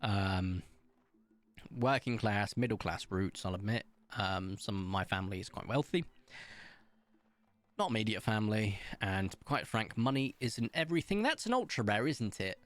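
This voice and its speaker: A man's voice: fairly low pitch, expressive, moderate pace, a bit bright, dry recording. A man from Somerset with a posh English accent, chatting casually and rambling through stories while streaming a game. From England, Somerset. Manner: rambling anecdotal storytelling with frequent ums. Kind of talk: casual chat while gaming.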